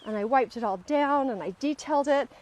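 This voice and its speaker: Animated woman hosting a live self-help talk. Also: high-pitched, fairly quick. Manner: animated storyteller, often acts out quoted voices. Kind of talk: casual motivational talk to a live audience. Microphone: livestream camera mic.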